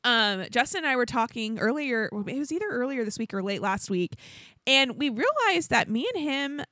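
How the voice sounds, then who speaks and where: A young woman chats casually as a podcast co-host. Her voice is bright and slightly high for a woman. The sound is dry and close, and she tells stories animatedly, acting out the quoted lines. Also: sing-song, moderate pace, dry recording. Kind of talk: casual chat. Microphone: podcast studio microphone.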